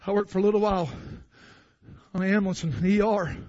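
A man preaching an impassioned sermon in a church, dropping to a hush and then shouting. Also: high voice, steady tone, fast talker. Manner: impassioned, swinging from hushed to shouting. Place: church building. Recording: dull lo-fi sound.

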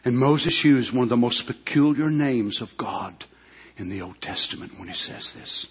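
A man preaching a sermon as pastor, who swings between shouted climaxes and low hushed asides and draws out emphatic words. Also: expressive, normal speed, slightly rough.

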